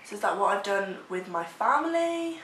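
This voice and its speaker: A woman's voice: medium pitch, very animated, moderate pace, noisy background. Woman, young adult, vlogger, chatty and rambly, casual chat, roomy echo. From England. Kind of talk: casual chat answering tag questions.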